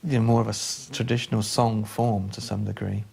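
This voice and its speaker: Gravelly man telling a rambling anecdote. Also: lowish voice, little pitch movement, fairly quick, a little mellow. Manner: hesitant, full of fillers and restarts, storytelling. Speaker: interviewee, former collaborator. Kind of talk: anecdotal interview.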